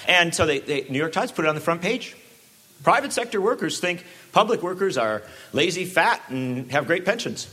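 A man giving a talk, sarcastic and full of asides. His voice is bright and forceful, a little higher than most, and it swings widely in pitch. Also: normal speed, slightly rough. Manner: sarcastic, animated, with many asides. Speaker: speaker. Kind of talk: public talk.

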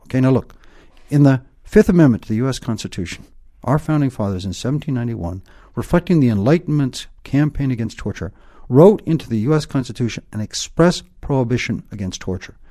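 A man's voice: mid-range voice, lively intonation, fairly quick, warm tone. A man explaining points emphatically in an interview, lecturing and often tagging points with "okay?". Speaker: guest expert.

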